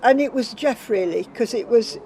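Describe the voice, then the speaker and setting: A woman's voice: fairly high pitch, normal speed, warm tone, poor audio. An older woman speaking as an interview guest, candid and emotional, often trailing off with repeated 'and'. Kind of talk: emotional personal storytelling.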